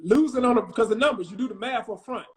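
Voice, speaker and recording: A man's voice: extremely high pitch, fast talker, poor audio. A man talking as a real estate investor guest in a casual live-stream chat, emphatic and slangy, repeating his phrases. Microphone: phone on a live stream.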